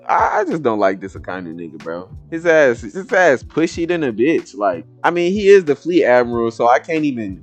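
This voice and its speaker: A man hosting a casual comic reaction video, talking to viewers in a swearing, animated way. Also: medium pitch, normal speed, hardly any pauses, soft background music. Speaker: reaction channel host.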